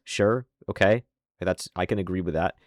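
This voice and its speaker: A man's voice: deep voice, moderate pace, no room sound. A man with an American accent and a slight Southern twang, delivering a sardonic, opinionated commentary monologue with dry asides. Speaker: online commentator.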